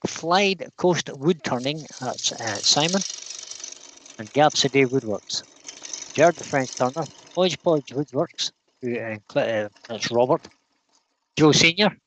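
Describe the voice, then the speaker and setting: Chatty livestream host. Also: male voice, medium pitch, expressive, measured pace, long pauses, a bit bright, slight background noise. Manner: reads out long lists of names, laughs easily. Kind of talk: casual livestream chat.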